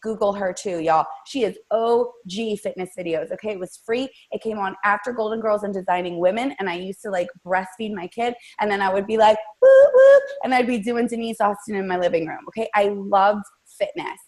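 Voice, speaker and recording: Animated woman telling a lively story. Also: medium pitch, fairly quick, few pauses. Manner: chatty, addresses listeners directly. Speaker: guest host of a coaching team call. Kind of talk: casual motivational storytelling.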